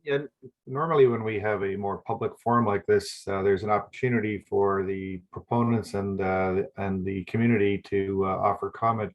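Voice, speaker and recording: A man speaking as a councillor, asking a question at a council meeting. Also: on the low side. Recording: dull lo-fi sound.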